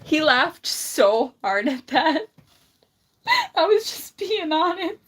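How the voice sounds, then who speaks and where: A woman with a slight lisp chatting on a livestream in a high-ish voice. She drags her words out slowly and bluntly. She laughs often between thoughts. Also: sing-song. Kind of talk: casual livestream chat.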